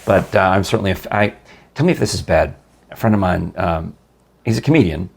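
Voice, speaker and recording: A man's voice: deep voice, expressive, a little fast, gravelly, husky. A man hosting a podcast, chatting casually and reading an ad in an enthusiastic, chatty way. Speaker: podcast host. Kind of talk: casual chat with ad read.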